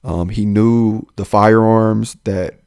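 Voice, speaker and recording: A young adult man, a police officer, telling his own life story in an animated way, jumping up in pitch when he quotes people. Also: slow pace, clear, resonant tone, no echo, studio quality. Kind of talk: personal storytelling in a podcast talk.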